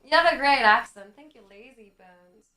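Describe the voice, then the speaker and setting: A woman in her twenties livestreams, chatting casually with viewers in a high, expressive, sharp voice at normal speed. She reads out their comments playfully and teasingly, swearing freely.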